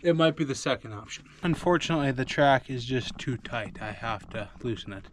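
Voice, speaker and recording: A man's voice: mid-range voice, animated, a little fast, fairly bright tone. Joking man in a noisy farm shop. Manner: self-deprecating, joking, thinks aloud. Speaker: farm vlogger doing equipment repairs. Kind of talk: casual running commentary while working.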